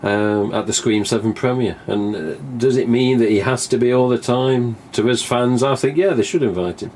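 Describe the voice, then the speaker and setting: An Englishman on a live stream talks at a moderate pace in a mid-range, a little mellow voice, with a little hiss or hum audible. He's chatty and casual, rambling along, swearing without restraint and acting out dialogue he recalls.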